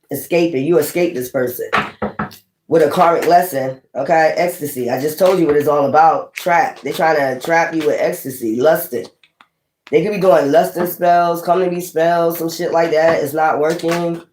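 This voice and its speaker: A woman's voice: deep voice, a little mellow. Blunt, profane woman reading tarot cards. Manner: blunt and profane, calling out card words one by one. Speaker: tarot reader. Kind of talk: casual tarot reading to camera. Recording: echoey room.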